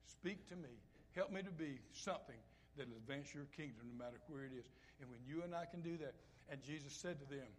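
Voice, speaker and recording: Man, high voice, preaching, swings from hushed to loud, impassioned, conversational. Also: slight background noise. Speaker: pastor. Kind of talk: sermon.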